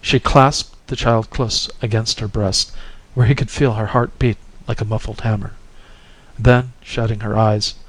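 A man narrating a classic short story in a measured, expressive reading. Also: lowish voice, rough recording.

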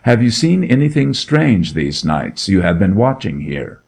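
A man's voice: on the low side, very animated, a little slow, creaky, darkish tone, full character voice. A man reading a story aloud, voicing a grim and menacing duke who interrogates with cold authority. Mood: commanding. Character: grim, menacing nobleman, a middle-aged duke.

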